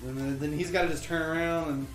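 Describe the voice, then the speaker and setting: A man co-hosting an online trivia livestream, joking around and rambling with lots of "like". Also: on the high side. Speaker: trivia co-host. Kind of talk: casual trivia livestream chat. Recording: roomy echo with faint music.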